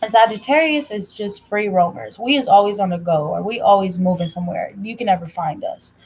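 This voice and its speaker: A young woman chats casually, telling a story from her own life. She talks bluntly and with lots of life, swearing freely along the way. Her voice sits at a middle pitch. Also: a little fast, darkish tone, breathy edge, poor audio. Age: young adult. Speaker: tarot reader telling a story.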